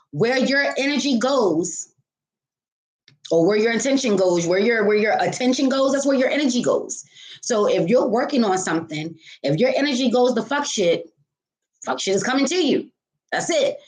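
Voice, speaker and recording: A woman tarot reader giving a casual spiritual talk to her viewers, candid and profane, calling them baby and honey. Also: on the high side.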